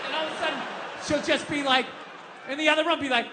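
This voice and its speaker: High-voiced ranting stand-up comedian. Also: male voice, fast, crowd noise, background noise. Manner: profane, ranting, exasperated. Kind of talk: stand-up routine. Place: open-air stage at a large venue. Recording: echoey live venue sound.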